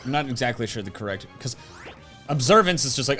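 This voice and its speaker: A man's voice: mid-range voice, lively intonation, fast, pushed and bright, soft background music. A young man co-hosting a casual gaming chat, easygoing and rambling with lots of fillers. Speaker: co-host of a gaming channel.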